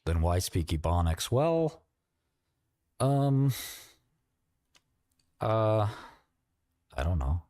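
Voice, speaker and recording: Brief: low-voiced New York man, rambling livestream host, dry close sound. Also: sing-song, dark tone, dry recording. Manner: rambling, quick asides, mocking questions. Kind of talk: casual livestream chat.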